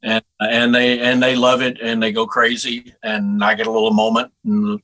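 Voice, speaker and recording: Bright-voiced middle-aged man from Texas. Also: mid-range voice, normal speed, rough recording. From Houston, Texas. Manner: relaxed storyteller with frequent restarts. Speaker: guest saxophonist. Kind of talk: casual interview chat.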